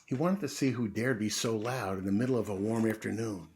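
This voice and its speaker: A man reading a children's picture book aloud in a gentle storytime manner, pausing to explain things to young listeners. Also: lowish voice, a little hiss or hum.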